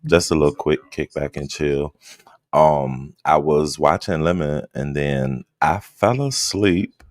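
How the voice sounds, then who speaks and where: Very deep-voiced man hosting a late-night stream. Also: slow, no room sound, studio quality. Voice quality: just-woke-up low drawl. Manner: relaxed, greets chat members by name. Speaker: livestream host. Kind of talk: late-night casual livestream chat.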